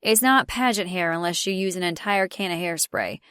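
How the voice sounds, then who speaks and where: A woman's voice: on the low side, moderate pace, a bit bright, clear, resonant tone, no room sound, close to an everyday voice. Bubbly young southern belle with a twang, gushing and exclamatory, voiced by a female audiobook narrator; dry close sound. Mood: reassuring.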